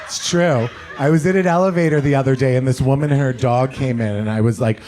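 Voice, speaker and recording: A man doing a stand-up set at a comedy club, delivering deadpan one-liners with quick self-corrections. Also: mid-range voice. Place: comedy club stage with audience laughter.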